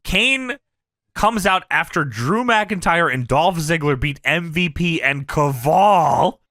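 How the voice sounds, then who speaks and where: Brief: a swearing, animated male co-host telling a story, fairly high voice, dry close mic. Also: takes it slowly, dry recording. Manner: animated and profane, jumping into quoted voices. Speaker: podcast co-host. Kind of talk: casual recap of old wrestling shows.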